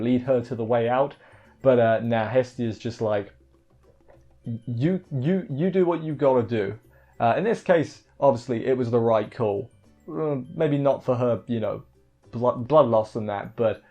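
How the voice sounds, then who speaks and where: A man casually recapping an anime episode, rambling, restarting words and filling gaps with "like" and "you know". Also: mid-range voice. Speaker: anime reviewer. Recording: dull lo-fi audio with faint music.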